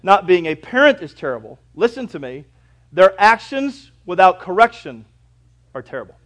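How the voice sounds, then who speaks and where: A middle-aged male pastor preaching a sermon, with a preacherly delivery that swings from loud emphatic lines to low quiet drops, and that stretches out scripture quotes slowly. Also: big pitch swings.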